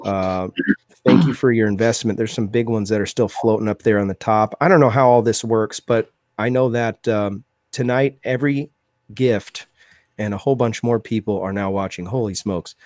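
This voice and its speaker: An excitable man with a low voice hosts a live-streamed talk show. He thanks donors and fires off questions. The sound is dry and close. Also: normal speed, no echo. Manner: enthusiastic, thanks donors, many fillers. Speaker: host.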